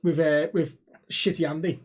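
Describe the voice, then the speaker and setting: A man's voice: fairly high pitch, level tone, normal speed, a little mellow, breathy edge. A man, co-hosting a podcast and telling sweary, laughing anecdotes in casual banter. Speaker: podcast co-host.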